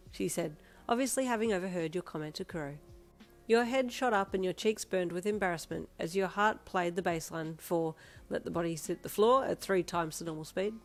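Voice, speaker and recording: Woman reading fanfic to the listener, lowish voice, soft music behind. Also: a little fast. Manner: lively, expressive dialogue reading. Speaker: fanfiction narrator. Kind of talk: second-person audio fanfiction reading.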